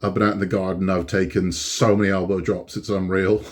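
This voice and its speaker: A man's voice: deep voice, flat delivery, brisk. A middle-aged man, hosting a casual, rambling weekly catch-up and laughing often as he talks. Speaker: channel host. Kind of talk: casual chat.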